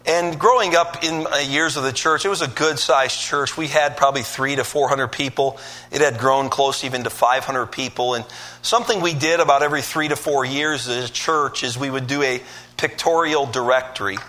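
A man's voice: mid-range voice, moderate pace, sharp tone. A male pastor from Michigan preaching a sermon, telling stories with voiced asides and building to emphatic peaks.

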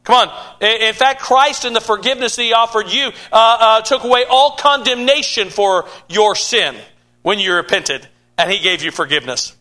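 A man's voice: sits high, moderate pace, bright, forceful tone. A man pastor preaching a sermon, with frequent stammered restarts and an emphatic preaching cadence.

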